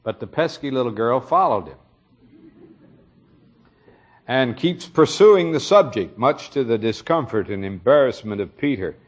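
A man's voice: mid-range voice, lively intonation, normal speed. A man preaching a sermon, retelling a story earnestly and explaining it, his emphasis rising on key moments.

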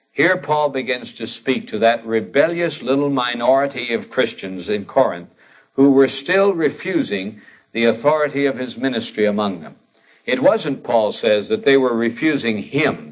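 A man preaching an expository sermon in an earnest, conversational way, rising to emphatic lines when he quotes scripture. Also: mid-range voice. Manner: conversational with fillers and restarts.

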